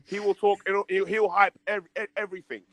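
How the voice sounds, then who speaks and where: A man's voice: high-pitched, flat delivery, fairly quick, fairly bright tone, no echo, poor audio. A man in a heated casual debate, stammering and restarting as he argues his case at length. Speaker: debate panelist.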